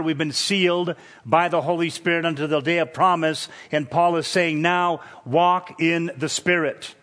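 A man preaching an expository sermon, teaching verse by verse in a measured, emphatic way. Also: a little high, a bit bright.

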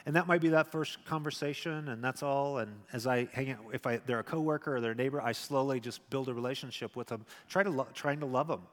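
A man's voice: mid-range voice, fast, few pauses, fairly bright tone. Candid middle-aged male pastor, reverberant hall. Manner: conversational, candid, acts out dialogues. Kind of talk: sermon Q&A teaching.

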